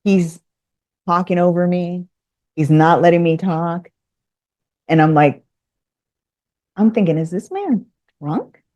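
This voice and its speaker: A woman's voice: fairly low pitch, lively intonation, slow pace, pauses often, warm tone, lo-fi sound. A woman guest telling a business story in casual conversation, acting out both sides of the dialogue. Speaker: podcast guest.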